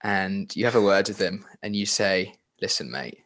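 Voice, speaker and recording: A man's voice: lowish voice, flat delivery, normal speed, a bit bright. A man co-hosting a casual sports podcast, teasing his co-hosts and prompting them with questions. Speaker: podcast co-host.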